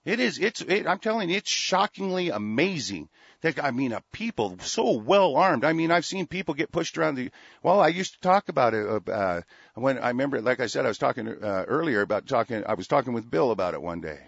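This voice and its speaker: Older man, husky and furious. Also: medium pitch, sing-song, a little fast, dry recording, lo-fi sound. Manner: profane, heated, with frequent restarts. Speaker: talk radio host. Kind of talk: angry political rant.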